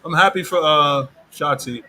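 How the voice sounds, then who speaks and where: A man co-hosting a casual wrestling watch-along, measured and informative as he shares news. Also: on the high side, pushed and bright, slight background noise, low-quality recording. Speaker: podcast co-host.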